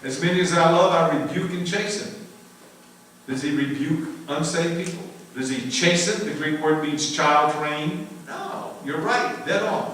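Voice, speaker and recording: An older American man teaching a church Q&A, lively and emphatic, laughing often and repeating words for emphasis. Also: on the high side, measured pace, a little hiss or hum. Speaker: pastor teaching a Q&A. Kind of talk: conversational Bible teaching. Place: church sanctuary. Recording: very echoey room, mic far off.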